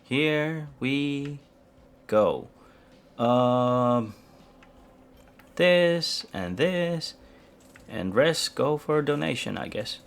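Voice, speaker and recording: A man's voice: medium pitch, lively intonation, extremely slow, gravelly, long pauses, smooth. A man streaming a video game live, chatting with viewers in a hesitant, rambling, self-mocking way. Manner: rambling, hesitant, many restarts. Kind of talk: live gameplay commentary with chat.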